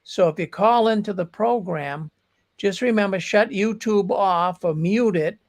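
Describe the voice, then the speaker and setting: A man's voice: high voice, unhurried. A man hosting a live call-in show, reassuring his callers in a stop-start way and repeating himself. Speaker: host.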